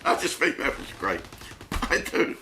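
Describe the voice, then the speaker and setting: A man's voice: normal speed, noisy background. A man, doing a blokey, jokey comic monologue full of swearing and asides. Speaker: comedian host.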